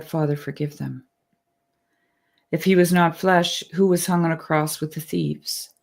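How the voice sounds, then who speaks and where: Woman host, lowish gravelly voice, earnest reader, relaxed and laughing in chat. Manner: earnest, quick to laugh, lively when excited. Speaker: podcast host. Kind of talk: reading aloud then casual discussion.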